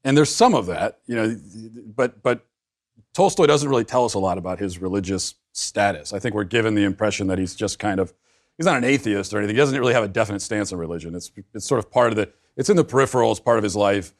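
A man's voice: lowish voice, expressive, fast talker. A man guest in a casual book discussion, thoughtful and restarting phrases as he works out his points. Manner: thoughtful, repeats words as he builds his point.

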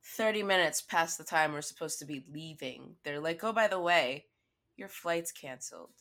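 A woman's voice: deep voice, normal speed. A young woman telling a story in casual chat, swearing freely and acting out her own lines. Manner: profane, animated storytelling.

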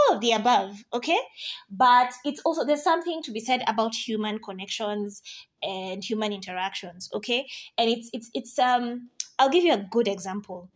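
A woman in her thirties hosting a podcast, sharing life lessons in a casual monologue with playful asides and mock quotes. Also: on the high side. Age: 30s. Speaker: podcast host.

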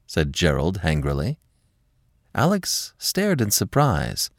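A man narrating a classic story in a measured, expressive reading. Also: deep voice, no room sound, clean studio sound.

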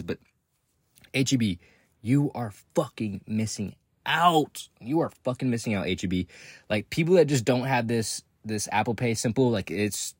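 Husky profane man ranting casually. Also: mid-range voice, dry recording, studio quality. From Texas. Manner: profane, rambling, laughs often, swings up into excited outbursts. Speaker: podcast host.

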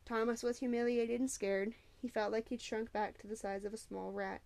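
A woman narrating a novel aloud with steady storytelling and occasional small slips. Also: a little high, moderate pace, vocal fry, no room sound. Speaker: audiobook narrator.

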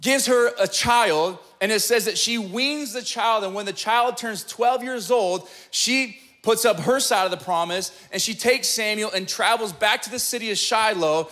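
A male pastor preaches in a high, bright voice, emphatic and conversational. He often checks in with the listeners as he explains scripture, and his delivery keeps a forceful edge. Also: moderate pace, few pauses. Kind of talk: sermon.

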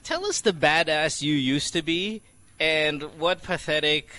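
A man's voice: fairly high pitch, unhurried, sharp tone, slight background noise. A middle-aged man hosting a morning radio show, joking and teasing his co-host and mixing in Tagalog words.

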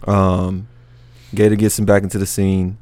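A man's voice: low voice, level tone, moderate pace, a little mellow, no echo. A man co-hosting a casual podcast chat, laid-back and agreeable, chiming in with yeahs. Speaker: podcast co-host.

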